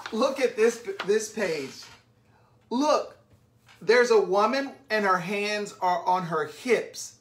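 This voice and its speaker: A woman's voice: mid-range voice, fairly bright tone, a little hiss or hum. A woman reading a picture book aloud to young children, stopping often to ask them questions and invite them to join in. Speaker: children's story reader.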